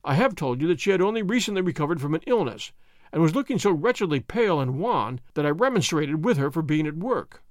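Man reading an old detective story aloud, really animated voice, dry close sound. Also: fairly high pitch, fast talker, no echo. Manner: expressive, lively storytelling. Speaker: story narrator.

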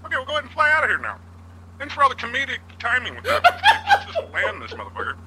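A man's voice: extremely high pitch, wildly swooping pitch, extremely slow, bright, forceful tone, a little hiss or hum, voice pushed up, exaggerated voice, rough recording. A man putting on the voice of a chatty, bumbling male helicopter pilot who rambles and apologizes. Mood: rambling.

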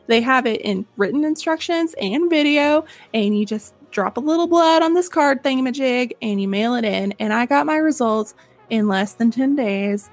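A woman in her twenties or thirties hosting a podcast, chatting casually and reading an ad in an upbeat way, laughing often. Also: sits high. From Southern United States. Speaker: podcast host. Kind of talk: casual chat and read ad.

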